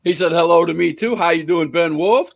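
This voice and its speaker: A man with a notably high-pitched voice hosts a live podcast interview. He talks in an upbeat, hype-man way, reading out viewer comments and leading with easy questions. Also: brisk, creaky. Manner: upbeat, hype-style introductions. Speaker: podcast host.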